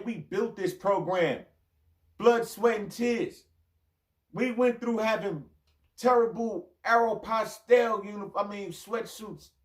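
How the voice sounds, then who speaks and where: A former college player ranting straight at his old coach, heated, full of slang, and repeating lines for emphasis. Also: sits high. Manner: heated, addressing the coach directly as "you". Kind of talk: direct-to-camera rant.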